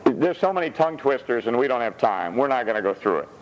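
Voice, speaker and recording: A male pastor preaching a sermon in an animated way, dropping frequent amens. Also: medium pitch, fast, muffled recording, noisy background. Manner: animated, punctuates with "amen".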